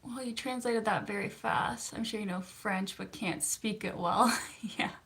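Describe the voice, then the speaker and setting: Chatty woman with a gravelly edge. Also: medium pitch, unhurried, a bit bright. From Canada. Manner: chatty and upbeat, laughs often, self-teasing. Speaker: therapist. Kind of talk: casual livestream chat, answering viewer comments.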